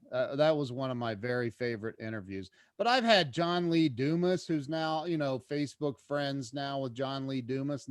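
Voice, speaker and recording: A man as a podcast guest, telling a personal story in a casual, animated way, restarting phrases and getting louder when excited. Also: medium pitch, smooth, dry recording, studio quality.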